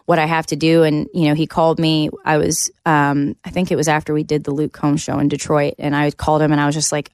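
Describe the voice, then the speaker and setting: A candid, chatty woman from Canada with a notably low voice, speaking as a podcast guest in her thirties. She talks freely with lots of fillers. Her voice sounds close and dry, with no room echo. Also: completely flat delivery, fast talker, hardly any pauses, a little mellow. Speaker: guest, country singer. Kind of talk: casual interview chat.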